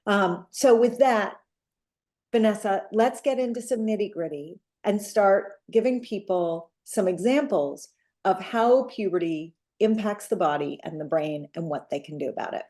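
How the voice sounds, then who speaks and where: A woman pediatrician explaining in a clear, measured way. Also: medium pitch, dark tone. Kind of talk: explanatory talk.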